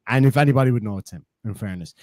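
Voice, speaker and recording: A man's voice: lowish voice, racing, a little mellow, no room sound. A man hosting a casual live stream, reading out viewer donations with profane, sardonic remarks.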